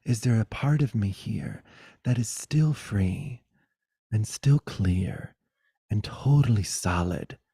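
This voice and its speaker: A middle-aged man giving a guided spiritual talk over a video call, swinging between loud exclamations and soft, hushed musing, swearing playfully. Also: fairly low pitch, expressive, slow, creaky, slightly rough, dry recording, studio quality. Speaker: spiritual teacher.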